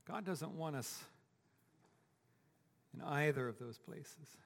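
A man's voice: fairly high pitch, slow, creaky, long reverb tail. A man preaching a sermon as pastor, talking conversationally and asking the congregation rhetorical questions. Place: church sanctuary.

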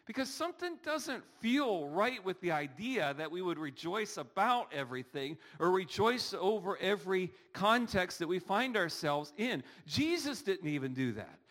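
A man's voice: high voice, sing-song, moderate pace, hardly any pauses, fairly bright tone. A middle-aged man preaching a sermon, earnest and full of rhetorical questions, rising in emphasis. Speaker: pastor.

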